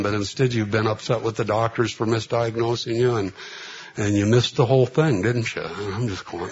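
A man's voice: medium pitch, moderate pace, a little mellow, dull audio. A man telling long personal stories in a sermon, full of fillers and acted-out dialogue. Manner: rambling, filler-heavy anecdotes with quoted dialogue. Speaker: preacher. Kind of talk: storytelling sermon.

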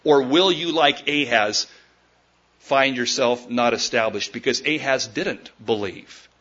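A male preacher delivers a sermon in a bright, forceful voice. He swings from loud, emphatic declarations to hushed asides and speaks straight to his listeners. The recording sounds dull and lo-fi. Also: medium pitch, measured pace. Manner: addresses the listeners directly as folks.

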